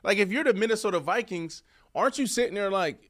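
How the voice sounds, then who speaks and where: A man who once played wide receiver, co-hosting a sports podcast and arguing his points in an animated way that swings from loud to soft. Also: high-pitched, fast. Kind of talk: casual sports debate.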